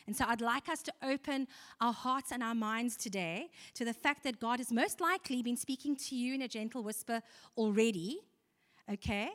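Woman, preacher, slightly high voice, earnest, conversational, long echo of a church hall. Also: animated, moderate pace, sharp tone. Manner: earnest, conversational, with rhetorical questions to the congregation. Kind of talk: sermon.

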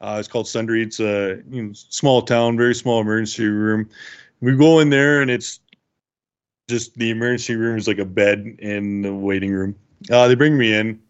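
A man's voice: on the low side, steady tone, moderate pace, clear, resonant tone, lo-fi sound. A man telling his survival story to interviewers in a rambling, good-humored way. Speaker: interview guest, bear attack survivor. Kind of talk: casual storytelling.

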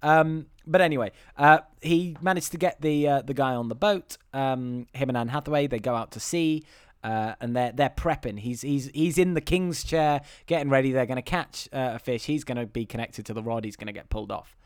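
A man recapping a film on a podcast, rambling and sarcastic, slipping into quick mocking impressions of the characters. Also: mid-range voice, clear, resonant tone, no echo, studio quality. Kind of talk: casual comedic chat.

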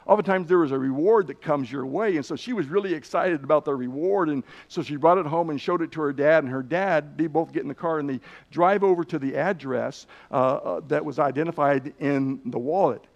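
A man delivers a sermon-style Bible lesson, his slightly raised voice full of gravelly fry. He tells his stories earnestly and slows down to weigh the key words. The recording sounds dull and lo-fi. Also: on the high side. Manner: earnest storytelling, slows down for emphasis. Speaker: Bible teacher.

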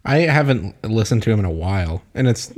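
A man's voice: fairly low pitch, lively intonation, fairly quick, a little mellow. A man chatting casually and joking with friends, retelling funny bits. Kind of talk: casual chat.

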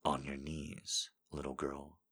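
A man putting on a deep, murmuring seductive lover. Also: completely flat delivery, slow, sharp tone, slightly rough, heavily acted. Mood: sultry. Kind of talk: reading viewer quotes in a put-on voice.

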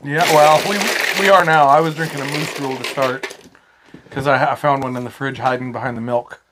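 A man's voice: medium pitch, steady tone, fairly quick, background noise. A man in his thirties, co-hosting a podcast at home, chatting casually and telling stories with plenty of swearing. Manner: swearing, storytelling. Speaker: podcast co-host. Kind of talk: casual chat.

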